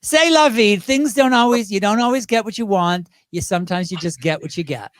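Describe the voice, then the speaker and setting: A man with a high voice chats as a talk-show guest, lively and full of asides and restarts. He is close on the mic in a dry room. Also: fairly quick, dry recording. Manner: chatty, animated, lots of restarts and asides. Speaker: guest, drag performer. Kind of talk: casual interview chat.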